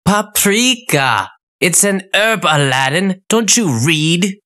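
A man voicing a tart, indignant young girl held captive, in a high, slow, scolding put-on voice for an audiobook. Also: lively intonation, sharp tone, full character voice. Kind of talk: audiobook character voice.

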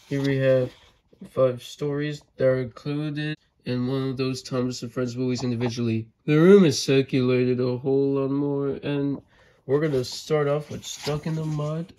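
A man hosting his channel, reading a children's storybook aloud in a halting way with slips and restarts. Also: medium pitch, warm tone, poor audio.

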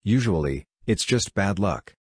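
A man's voice: low-pitched, animated, unhurried, breathy edge, no room sound, clean studio sound, exaggerated voice. A male audiobook reader voicing greedy, bold male pirates who talk in a blustering, persuasive way. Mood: eager. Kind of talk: audiobook character reading.

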